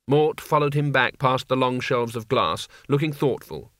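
Measured male audiobook narrator. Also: mid-range voice, lively intonation, fairly bright tone, dry recording, clean studio sound. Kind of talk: scripted narration.

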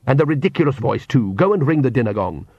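A man's voice: medium pitch, very animated, no room sound. A man voicing a suave, mocking vampire count. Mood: scornful. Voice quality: smooth, mocking, drawn-out. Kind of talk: audiobook character voice. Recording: dull, dry lo-fi recording.

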